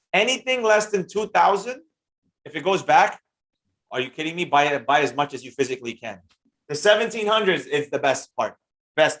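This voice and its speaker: A man teaching trading on a live stream, answering chat comments in an energetic, slangy way and greeting viewers by name. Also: fairly high pitch.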